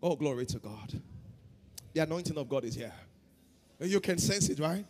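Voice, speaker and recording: A man preaching a sermon as pastor, shifting between loud chanted prayer and quiet storytelling. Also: on the high side, lively intonation, normal speed, big-room sound. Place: church hall.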